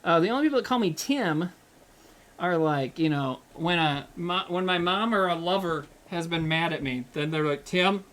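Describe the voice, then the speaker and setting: A man's voice: fairly high pitch, animated, normal speed, a bit bright. A man talks through his cooking on a livestream, loose and off the cuff. He swears often and easily, and jokes between the steps of the recipe. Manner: rambling, profane and joking. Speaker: comedian streamer. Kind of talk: casual chat while cooking on a livestream.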